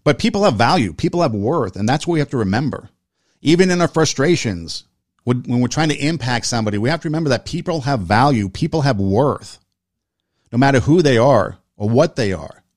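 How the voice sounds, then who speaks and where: A man's voice: mid-range voice, lively intonation, fairly quick, dry recording, clean studio sound. A man telling a personal story in an earnest, conversational way, repeating phrases for emphasis as he reflects on kindness and respect.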